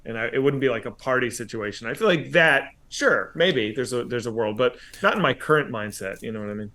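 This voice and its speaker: A man in a casual livestream chat, speaking in an earnest, thoughtful way. His pitch is mid-range and his delivery loose and conversational. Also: a little fast, pushed and bright. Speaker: comedy troupe member co-hosting a stream.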